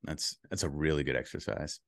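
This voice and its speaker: Man, very low voice, podcast guest, earnest coaching tone, restarts, dry recording. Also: a little fast, no room sound. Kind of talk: casual interview chat.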